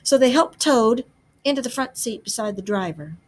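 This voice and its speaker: A woman teacher narrating a storybook aloud to a class, with expressive delivery. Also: a little high, normal speed.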